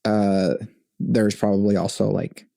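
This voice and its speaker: A man hosting a podcast, talking through his thoughts in a casual, halting way and laughing often. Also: lowish voice, level tone, creaky, warm tone, no echo, studio quality. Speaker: podcast host. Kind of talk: casual conversation.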